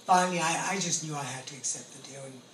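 Man, high register, animated storyteller, distant roomy sound with faint noise. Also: fast. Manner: animated, acts out voices of others in his story. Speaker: guest sharing his testimony. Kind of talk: casual storytelling testimony. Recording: echoey room, mic at a distance, faint background noise.

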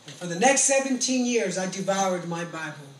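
High-voiced man telling his story. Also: normal speed. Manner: animated, acts out voices of others in his story. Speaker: guest sharing his testimony. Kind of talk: casual storytelling testimony. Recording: echoey room, mic at a distance, faint background noise.

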